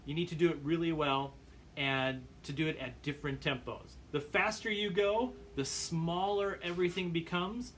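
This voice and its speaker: A man giving a percussion lesson, calmly explaining brush patterns and counting beats aloud. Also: on the high side, moderate pace, slight background noise. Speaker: percussion teacher. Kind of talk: instructional demonstration.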